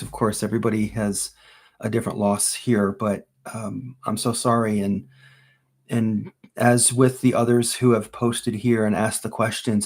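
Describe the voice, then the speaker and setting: A middle-aged man, a grief coach, answering viewer questions on a live stream in a gentle, earnest way with many fillers and restarts. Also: on the low side, creaky.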